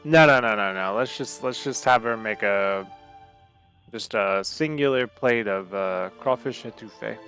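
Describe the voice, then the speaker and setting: A man's voice: on the low side, unhurried, a bit bright, soft background music. A man playing a tabletop game, laid-back and breezy. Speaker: player.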